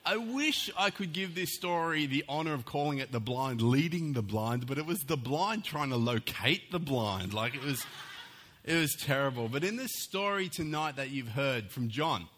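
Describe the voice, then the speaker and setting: A man's voice: mid-range voice, normal speed, slight background noise. A man, preaching a sermon and telling a story with acted-out voices. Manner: animated storytelling, acts out voices. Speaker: pastor.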